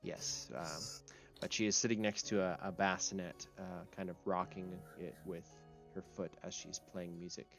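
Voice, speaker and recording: A man acting as game master, narrating a tabletop game in a relaxed way, full of ums and uhs. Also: sits low, normal speed, vocal fry, faint music behind. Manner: relaxed, with many fillers.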